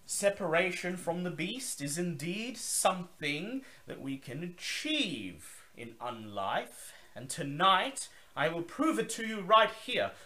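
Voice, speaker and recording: A man's voice: sits high, a bit bright, pitched above the performer's own voice, exaggerated voice. A man voicing a grandiose, zealous male vampire elder who declaims to a gathering. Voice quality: theatrical, declaiming.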